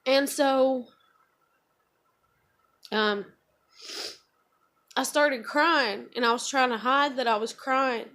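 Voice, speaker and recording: High-voiced woman confiding emotionally. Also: takes it slowly, pauses often, sharp tone. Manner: emotional, rambling, many fillers. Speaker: vlogger. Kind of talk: confessional vlog monologue.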